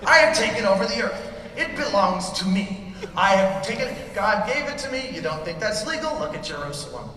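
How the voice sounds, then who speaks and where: A man's voice: high-pitched, sing-song, a little fast, pushed and bright. A man doing a crude, ranting stand-up set in a mock-pompous manner, on stage in a large convention hall. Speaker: stand-up comedian. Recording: echoey hall recorded from far off, crowd noise. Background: audience laughing and cheering.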